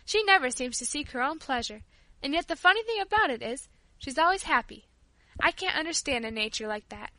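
A woman's voice: high-pitched, lively intonation, fairly quick, sharp tone, no echo. A woman voicing an impatient, easily exasperated boy in a storybook reading. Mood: puzzled. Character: impatient boy, older brother.

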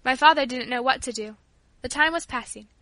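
A woman narrating a storybook chapter in a measured, clear audiobook reading. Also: sits high, bright, forceful tone, no room sound.

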